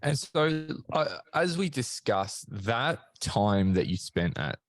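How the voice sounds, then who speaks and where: Deep-voiced man hosting a podcast. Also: slow, no echo. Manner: relaxed, leading questions. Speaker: podcast host. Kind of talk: casual podcast interview.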